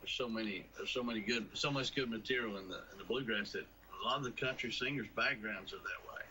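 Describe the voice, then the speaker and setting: A man's voice: on the low side, quick pace, crowd noise, rough recording. A man, hosting a local TV talk show and chatting easily with his guests. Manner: easygoing, chatty, prone to restarts. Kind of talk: casual studio chat.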